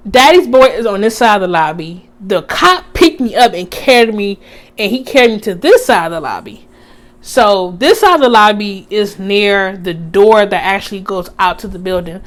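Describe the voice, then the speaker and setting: A young woman vlogger casually telling a story in slangy speech, acting out the quotes with animated energy. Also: medium pitch. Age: young adult.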